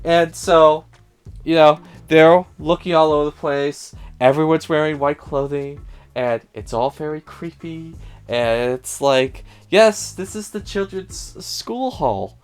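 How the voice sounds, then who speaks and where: A man's voice: on the high side, takes it slowly, clean tone, faint music behind. A man giving a casual spoiler review of a film, sarcastic and profane, often mimicking the characters in a raised voice.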